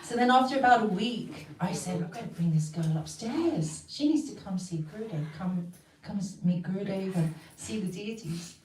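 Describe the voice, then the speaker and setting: A woman's voice: mid-range voice, normal speed, darkish tone. A woman from the West telling a personal story to a group, acting out the voices she quotes. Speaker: storyteller sharing a memory. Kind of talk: casual spoken testimony. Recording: roomy, distant mic with faint ambience.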